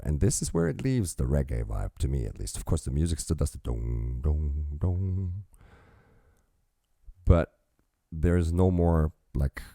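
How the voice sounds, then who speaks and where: A man's voice: a bass voice, gravelly, dark tone, dry recording, studio quality. A man hosting a reaction video, swearing freely as he stops the music to quote lyrics and comment on them.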